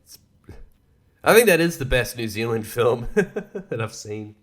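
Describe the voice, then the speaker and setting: A man's voice: mid-range voice, big pitch swings, a little slow. A young man hosting a casual solo podcast, rambling, swearing a lot and laughing often. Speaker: podcast host.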